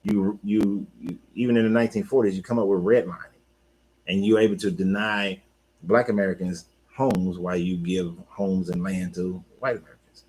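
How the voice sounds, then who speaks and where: A man talking casually on his own, an animated coach who repeats himself and talks back to the listener. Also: deep voice, normal speed, husky, poor audio. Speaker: life coach. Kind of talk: casual monologue.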